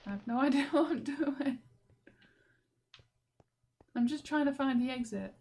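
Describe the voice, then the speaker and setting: A woman's voice: high-pitched, unhurried, a little mellow. A young woman, rambling and exasperated in a video diary, laughing often. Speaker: vlogger. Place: walking through a station.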